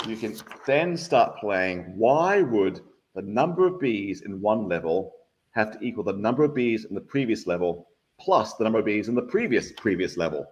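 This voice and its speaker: Lively low-voiced man explaining maths. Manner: enthusiastic, playful explaining. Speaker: guest maths educator. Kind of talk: live online maths lesson.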